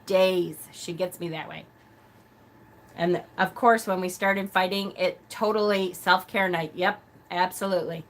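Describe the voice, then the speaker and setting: A woman hosting a casual live stream, a self-described loud talker who gushes and laughs often. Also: lowish voice, fairly even intonation, a little slow.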